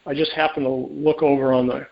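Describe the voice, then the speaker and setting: A man, a private investigator, telling a case story in an interview, lively and full of restarts, acting out dialogue. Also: mid-range voice, fast talker, creaky. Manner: animated, acts out quoted dialogue, many restarts. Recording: dull lo-fi audio.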